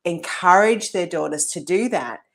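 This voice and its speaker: A woman's voice: lowish voice, expressive, normal speed. A woman hosting a podcast, asking long, earnest questions with many restarts. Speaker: podcast host. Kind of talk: conversational podcast interview.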